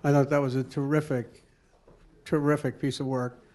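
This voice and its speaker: A man's voice: medium pitch, little pitch movement, moderate pace, darkish tone. A man in his sixties in the audience, politely complimenting the speaker before asking a rambling question. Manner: courteous, complimentary, rambling lead-in. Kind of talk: question from the floor at a panel.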